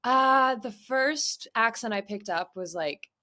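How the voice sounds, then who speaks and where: A young woman from Nevada, a guest in a casual interview, talking in an animated, chatty way and laughing easily. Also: a little high, takes it slowly. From Reno, Nevada.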